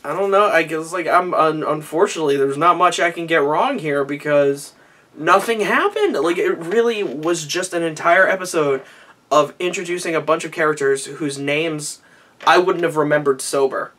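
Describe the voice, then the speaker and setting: A man's voice: fairly high pitch, moderate pace, bright, forceful tone, far from the mic. A tipsy young man rambling through a recap, stammering and restarting his sentences. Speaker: vlogger recapping an anime. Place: small warm room indoors.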